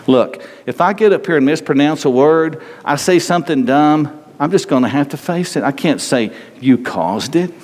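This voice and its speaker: A man's voice: on the high side, normal speed, darkish tone. Emphatic older male pastor, echoing hall. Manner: emphatic, repetitive, rhetorical questions to congregation. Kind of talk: sermon. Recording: long reverb of a large hall.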